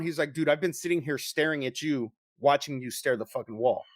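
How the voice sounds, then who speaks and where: A man co-hosting a podcast, telling a story in casual chat with lots of swearing and animated delivery. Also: a little high, brisk, no room sound, studio quality. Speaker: podcast co-host.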